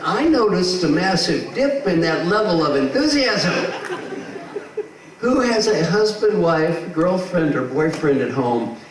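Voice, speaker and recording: A man's voice: high-pitched, measured pace. Man coaching a crowd in an echoey hall. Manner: animated, acts out quotes, rhetorical questions to the crowd. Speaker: leadership coach speaking to an audience. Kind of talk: motivational talk. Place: large hall with a live audience. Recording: echoey hall, far from the mic, noisy.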